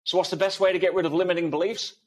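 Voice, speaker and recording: Man, kinda high voice, talks emphatic, lots of analogies and questions. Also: steady tone, racing. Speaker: guest speaker. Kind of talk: conversational interview.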